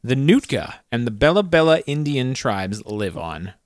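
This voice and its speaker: A man's voice: medium pitch, very animated, moderate pace, no echo. A man from Canada hosting a casual trivia board game, reading questions with a playful, joking manner. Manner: playful, joking, laughs often.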